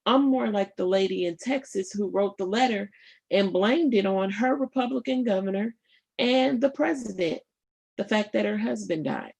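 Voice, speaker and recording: A woman hosting a live radio show, giving political commentary in an emphatic, rhetorical way and speaking straight to her listeners, with pauses and fillers as she thinks aloud. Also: medium pitch, gravelly, a little mellow, breathy edge.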